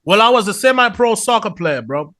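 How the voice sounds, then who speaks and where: A man from Zimbabwe, in his thirties, chatting casually as a comedian guest in an interview, animated and quick to laugh. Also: high voice. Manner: animated, laughs often, says man and bro.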